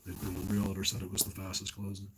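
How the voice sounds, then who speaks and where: Against a noisy background, a middle-aged man from New Jersey talks fast with his livestream audience in a low voice and an entirely flat delivery. He still laughs often and rambles from one tangent to the next.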